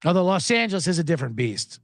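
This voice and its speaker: A man hosts a live sports podcast from Los Angeles, talking fast in an animated, sarcastic rant and often mimicking other people in a high, raised voice. The recording is dry and studio-clean.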